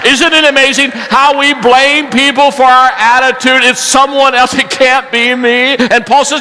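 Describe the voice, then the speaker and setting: Brief: male preacher, high and bright, lively storyteller swinging hushed to loud. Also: moderate pace, hardly any pauses, rough recording. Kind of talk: sermon.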